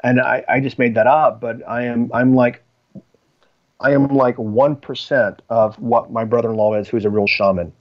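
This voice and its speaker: A man's voice: mid-range voice, fairly even intonation, moderate pace. A man, a podcast guest, telling personal stories in a rambling way with frequent ums and restarts. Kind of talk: storytelling in conversation. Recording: slightly dull lo-fi audio.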